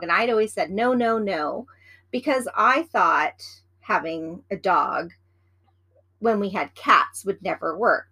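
A woman's voice: medium pitch, pushed and bright. A woman co-hosting a casual chat, rambling and teasing as she gives practical advice about pets. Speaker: podcast co-host.

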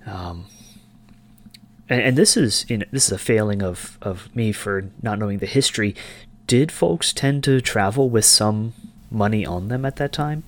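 Low-voiced guy playing a tabletop game, thinks out loud, lots of ums. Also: normal speed. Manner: thinking aloud, hesitant with many fillers. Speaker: player. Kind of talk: casual tabletop game chat.

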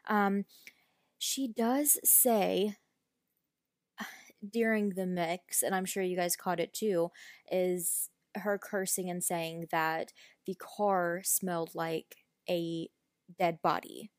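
A woman's voice: fairly low pitch, fairly even intonation, slow pace, dry recording, clean studio sound. A woman hosting a true crime podcast, retelling a case in a chatty, frank and opinionated way, with the odd mild swear. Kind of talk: casual true crime storytelling. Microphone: podcast microphone.

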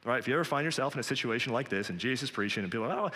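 A man's voice: mid-range voice, rapid-fire, sharp tone. Earnest preacher man in a reverberant hall. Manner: earnest and conversational, rising to emphatic peaks. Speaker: pastor. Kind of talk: sermon.

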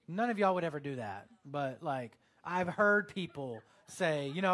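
A man's voice: on the high side, lively intonation, moderate pace, hardly any pauses, fairly bright tone. A man preaching a sermon in a casual, conversational way, with lots of fillers and quoted asides. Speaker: pastor.

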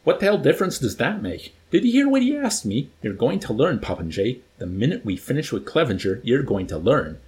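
A man's voice: medium pitch, very animated, a little fast, hardly any pauses, darkish tone, natural voice. A man reading aloud, voicing a furious blustering army colonel who shrieks and bullies. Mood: bullying. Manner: shrieking, bullying.

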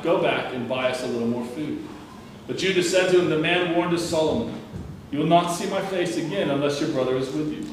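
A man with a somewhat high voice reads scripture aloud at a steady, measured pace, now and then tripping over a word and restarting. He sits well back from the mic in a very echoey room. A faint hum of ambient noise sits underneath. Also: recorded from a distance. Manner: measured, plain reading with occasional stumbles and restarts. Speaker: scripture reader. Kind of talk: reading a Bible passage aloud.

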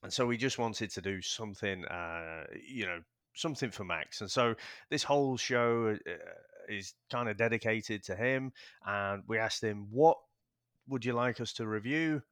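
A man co-hosting a casual movie podcast, excitable and swearing, often restarting his sentences. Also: lowish voice, moderate pace, clear, resonant tone, no echo, studio quality. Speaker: podcast co-host. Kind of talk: casual chat.

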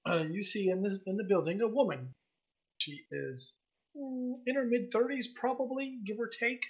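A man as game master, narrating a tabletop game in a relaxed way with fillers. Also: sits high, moderate pace, breathy edge. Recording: dull lo-fi recording.

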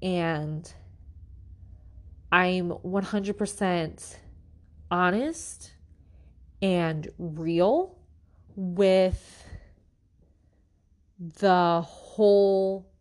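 A woman hosting a podcast, telling her own story of faith and struggle in an earnest, halting way with many restarts. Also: on the low side, steady tone, darkish tone. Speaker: podcast host. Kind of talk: personal faith testimony.

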